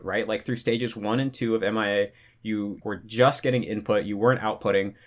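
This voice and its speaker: Speaking at a medium pitch, a young guy offers casual, meandering tips on language learning in a talking-head clip, constantly saying "like" and "you know."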